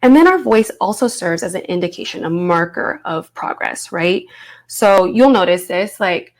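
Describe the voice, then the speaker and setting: A woman's voice: fairly low pitch, lively intonation, moderate pace. A woman in her thirties teaching an online course, speaking in a reflective way and often checking in with her listeners. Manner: reflective, warm teaching tone with frequent "right?" check-ins. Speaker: voice coach.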